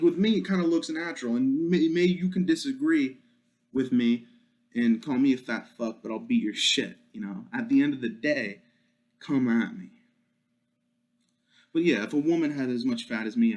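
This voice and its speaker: Young guy doing a solo podcast, crude and joking, cursing constantly, mid-pitched voice. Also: darkish tone. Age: young adult. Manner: crude, profane, joking rant. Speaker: podcast host.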